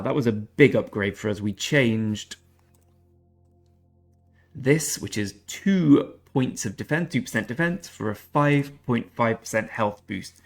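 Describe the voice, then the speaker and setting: A man hosting a gaming channel, giving chatty, self-deprecating commentary over his gameplay. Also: lowish voice.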